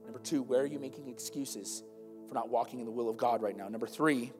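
A male pastor preaching a sermon, swinging from loud, urgent calls to hushed intensity. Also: mid-range voice, fast talker. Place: church sanctuary. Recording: long church reverb with faint music.

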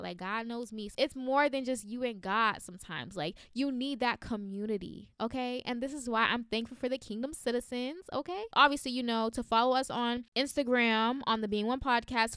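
A woman's voice: fairly high pitch, fairly bright tone, smooth, no room sound, studio quality. A young woman who has just been crying, hosting a podcast and talking earnestly about her faith, full of fillers and restarts. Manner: emotional, earnest, rambling, frequent fillers. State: recently crying. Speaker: podcast host. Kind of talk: heartfelt faith monologue.

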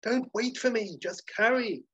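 A man's voice: high voice, moderate pace, husky, no echo, muffled recording, voice pushed up. A man voicing a flustered foreign waiter in a put-on accent, speaking broken English. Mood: confused.

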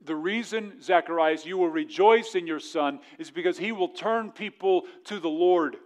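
A male pastor preaching a sermon fervently, dropping to a hush and then rising to emphatic points. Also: high-pitched. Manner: mocking voices of others in quick asides.

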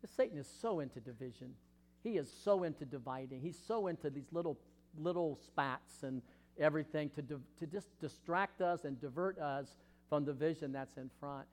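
A male pastor in full sermon, his voice sitting a little high for a man. He preaches with passion, moving between ringing emphatic questions and quiet, close asides. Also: normal speed. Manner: impassioned preaching, swinging from loud questions to hushed asides.

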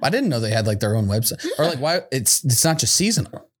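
A man's voice: medium pitch, very animated, fast. Joking male podcast host. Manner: joking, laughs through his lines. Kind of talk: casual podcast chat, reading out holiday legends.

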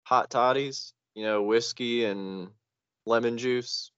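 A man's voice: medium pitch, slow, fairly bright tone, clean tone, no room sound, dull audio. A young man guesting on a podcast, telling dry, laid-back anecdotes in casual chat. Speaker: guest writer.

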